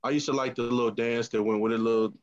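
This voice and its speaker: A man co-hosting a podcast in casual chat, relaxed and rambling, asking questions. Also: mid-range voice, fast, highs cut off. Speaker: podcast co-host.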